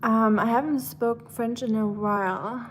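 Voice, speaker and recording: A woman's voice: fairly high pitch, fairly even intonation, a little slow, slight background noise, low-quality recording. A woman from Germany with a German accent, chatting casually with viewers on a livestream while doing chores. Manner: chatty, reading chat aloud, self-deprecating.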